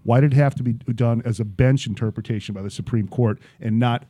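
A man appearing as a guest on a podcast, in casual political chat, laying out his arguments step by step in a measured, lecturing way. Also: medium pitch, steady tone, dark tone, dry recording.

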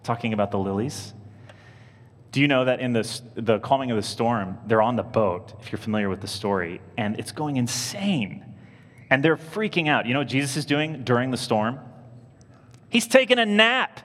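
A man, a priest, preaching a sermon in a casual, animated storytelling way, with his voice jumping up when he acts out other people. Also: medium pitch, normal speed, long reverb tail. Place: church.

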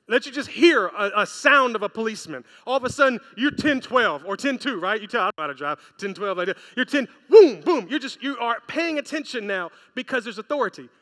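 Animated male preacher in a reverberant hall. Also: high-pitched. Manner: storytelling, animated, acts out quotes. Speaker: pastor. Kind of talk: sermon. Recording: long reverb of a large hall.

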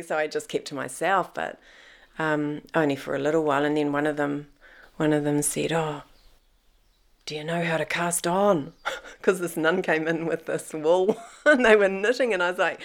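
A middle-aged woman telling her own story in a lively way, laughing often and acting out the voices of people she quotes. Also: deep voice, a little slow. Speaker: interviewee. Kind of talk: personal storytelling.

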